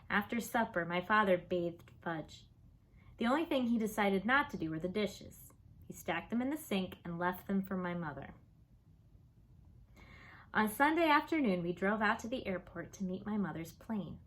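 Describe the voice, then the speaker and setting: A woman reading a children's chapter book aloud in an expressive storytelling voice. Her tone is bright and her pitch moves freely through each sentence. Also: moderate pace. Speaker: audiobook reader.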